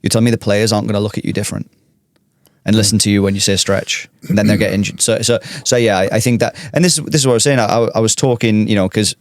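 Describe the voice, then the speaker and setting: A man's voice: lowish voice, fairly even intonation, quick pace, dry recording, clean studio sound. A man hosting a casual podcast chat, talking in a rambling way with many restarts.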